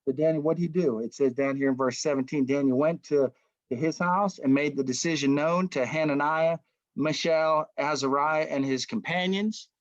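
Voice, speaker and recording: Bible study leader, male, fairly high voice, chatty storyteller; dull dry lo-fi sound. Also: moderate pace, dry recording. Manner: conversational, animated storytelling, says "man" often. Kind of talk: casual Bible study teaching.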